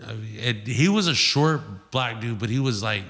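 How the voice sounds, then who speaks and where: Profane, animated male storyteller. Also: mid-range voice, moderate pace, in a large hall. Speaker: podcast guest. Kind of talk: casual anecdote.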